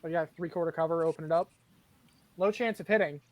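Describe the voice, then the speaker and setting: A man's voice: fairly high pitch, fast talker, a little mellow, no room sound. A man running an online tabletop game as game master, narrating events in an easygoing, matter-of-fact way.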